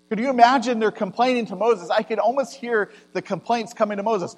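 A man preaches a sermon in a fairly high voice, talking to his congregation like a conversation. He pushes hard on key points, then drops almost to a murmur. His voice rings through a reverberant hall over a faint electrical hum. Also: a little fast, few pauses. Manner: conversational preaching, swings between loud emphasis and quiet asides. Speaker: pastor.

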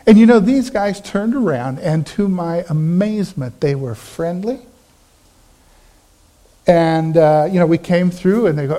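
A middle-aged man delivers a sermon in a fairly high voice, weaving a personal story into the message. He acts out the voices of the people he describes, with lively shifts in tone. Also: normal speed, long pauses. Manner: animated storytelling, acting out quoted voices. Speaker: pastor.

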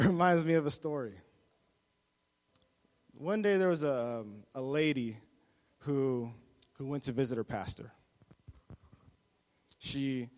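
A man preaching a sermon, a lively and humorous storyteller who repeats his phrases. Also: on the high side. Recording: long hall reverb.

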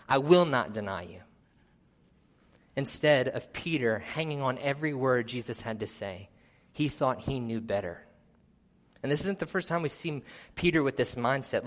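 Earnest man preaching a sermon. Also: a bit bright. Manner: earnest, rising to emphasis and dropping low at solemn points; reads scripture aloud with measured pauses.

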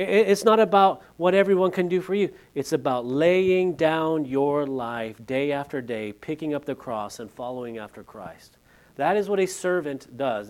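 A middle-aged man preaching a sermon in a church, animated, acting out quotes and dropping from loud to hushed. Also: fairly high pitch. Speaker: pastor. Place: church sanctuary.

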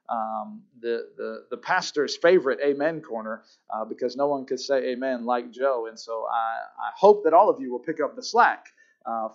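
Hesitant conversational preacher, muffled recording. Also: male voice, mid-range voice. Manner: conversational, many hesitations and fillers. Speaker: pastor. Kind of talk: sermon.

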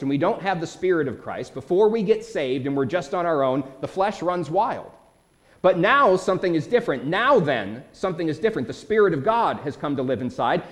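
Middle-aged male pastor; slightly raised pitch, animated delivery, sermon with rhetorical questions. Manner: preaching with emphatic repetition and rhetorical questions.

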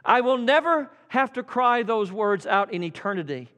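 Man, preacher, evening sermon, high voice, loud-to-hushed swings, long hall reverb. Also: animated, normal speed. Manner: dramatic swings from loud fervor to hushed tones. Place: church sanctuary.

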